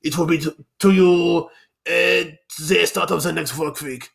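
A man's voice: fairly high pitch, steady tone, a little slow, creaky, a bit bright, pitched above the performer's own voice. A man voicing an angry, towering German male bookstore manager with a put-on German accent, making stiff, curt excuses.

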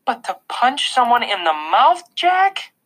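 A man reading an audiobook voices an upset, exasperated mother, pushing his voice high and pleading. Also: big pitch swings, a little slow, pushed and bright, heavily acted.

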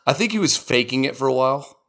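A man's voice: medium pitch, animated, quick pace, gravelly, a bit bright. A man co-hosting a podcast, telling rambling, profane stories in casual chat. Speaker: podcast co-host.

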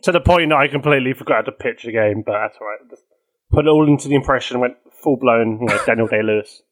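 A man's voice: mid-range voice, quick pace. A man co-hosting a casual gaming podcast, self-mocking and flustered, often laughing mid-sentence. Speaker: podcast co-host.

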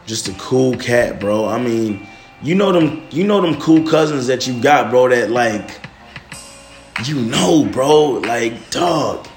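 A man's voice: medium pitch, lively intonation, slow, faint music behind. A young man hosting a casual podcast monologue, loose and emotional, full of slang and "man" and "bro". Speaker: podcast host.

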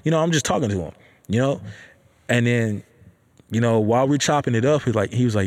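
A young man, casually telling a personal story, profane and animated, with lots of "you know what I'm saying". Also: mid-range voice, fast talker, pauses often.

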